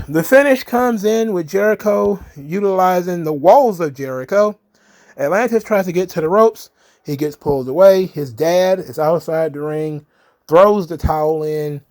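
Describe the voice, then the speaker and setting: A man's voice: on the high side, a little mellow. A man giving a blunt, sarcastic, casual recap of a wrestling show, cursing now and then.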